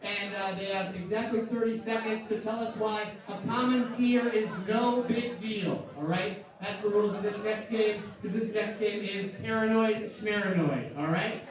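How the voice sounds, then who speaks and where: A man with a fairly high voice hosts a live comedy game show, working the crowd in a loud, hyped way. He is picked up from a distance in an echoey club room, with a lively audience behind him. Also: normal speed, hardly any pauses. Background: audience laughing and cheering.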